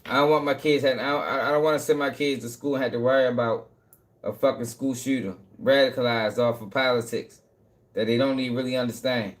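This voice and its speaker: Speaking quickly with fairly even intonation at medium pitch, a young man runs his own live stream. He goes on a heated, casual rant, cursing, saying things over again and laughing between points.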